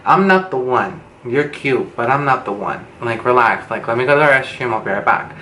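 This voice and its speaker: A young man telling a storytime vlog, animated and swearing, acting out what people said with big jumps in pitch. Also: brisk. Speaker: vlogger. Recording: echoey room with faint background noise.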